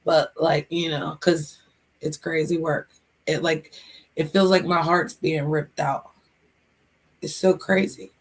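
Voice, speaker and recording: A middle-aged woman hosting a casual livestream, chatty and emotional, giving shout-outs to her chat. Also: sits low, little pitch movement, slow pace, pauses often, slightly rough. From United States. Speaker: livestream host.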